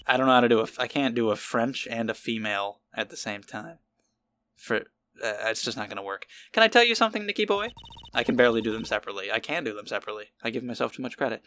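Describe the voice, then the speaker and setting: A young man rambles through casual game commentary, thinking aloud and poking fun at himself. His voice is bright and mid-pitched, with faint music underneath. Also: quick pace. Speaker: let's play host. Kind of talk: casual let's play commentary and reading.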